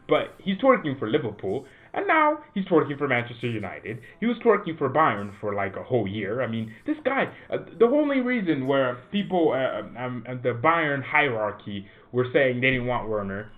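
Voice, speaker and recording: A man's voice: medium pitch, normal speed, few pauses. A man hosting a football fan channel, rambling in casual commentary and often tagging his points with "right?". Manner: animated, rambling, keeps asking "right?". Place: home room. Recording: tinny phone-like sound.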